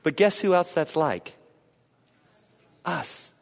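Male pastor, high animated delivery, preaching in a church hall with long reverb; booming peaks and near-whispered lows. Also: slow, creaky. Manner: dramatic preaching, swinging from booming emphasis to hushed lows. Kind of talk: sermon.

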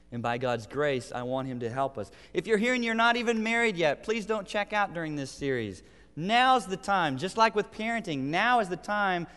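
A man's voice: on the high side, fairly bright tone. A man in his thirties, a pastor, preaching a sermon in an earnest voice that builds to emphatic declarations. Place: church sanctuary. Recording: long reverb of a large hall.

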